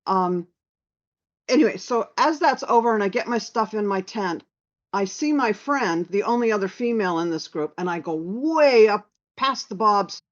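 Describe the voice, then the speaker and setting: Woman, casual storyteller, lively delivery, muffled lo-fi audio. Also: mid-range voice, moderate pace. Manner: animated, quoting others in lively voices. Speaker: storyteller sharing memories. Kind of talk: casual spoken anecdote. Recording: dull lo-fi sound.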